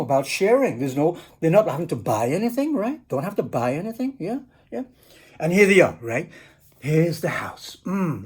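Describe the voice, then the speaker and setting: A man reads a picture book aloud and muses over its illustrations. His delivery is casual and meandering, and he keeps adding "right?" and "you know". His husky voice moves in a lively way up and down. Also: a little high. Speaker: storyteller and teacher.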